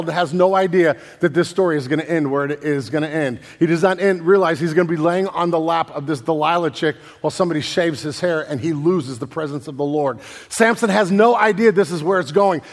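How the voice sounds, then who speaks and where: A man preaching a sermon as pastor, casual and animated, using slang and acting out voices. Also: sits high, big-room sound.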